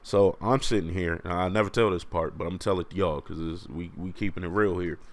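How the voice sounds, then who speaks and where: A young man hosting a podcast alone, telling a story casually in slang, animated and often laughing. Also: low-pitched, brisk. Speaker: podcast host.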